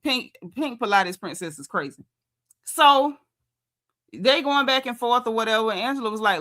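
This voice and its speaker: Sassy, bright-voiced woman recapping reality TV. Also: fairly high pitch, moderate pace. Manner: sassy, animated, acts out quotes. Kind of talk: casual recap commentary.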